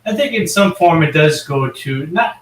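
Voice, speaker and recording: A man's voice: a little high, animated, moderate pace. A man in a casual discussion, speaking in a thoughtful, questioning way. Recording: echoey room, far from the mic.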